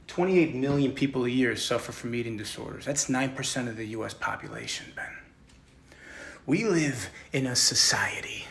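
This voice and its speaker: Intense husky man lecturing deadpan. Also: medium pitch. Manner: intense, lecturing, swings between hushed whispers and loud outbursts. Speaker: comedy sketch creator.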